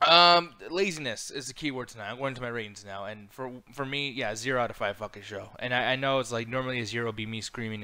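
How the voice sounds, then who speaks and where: A man with a bright, forceful voice rants through a casual wrestling review. He swings between flat disgust and sudden loud outbursts, swearing constantly, his tone sharp and cutting. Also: mid-range voice. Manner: exasperated, ranting, heavy swearing. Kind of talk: casual profane review chat.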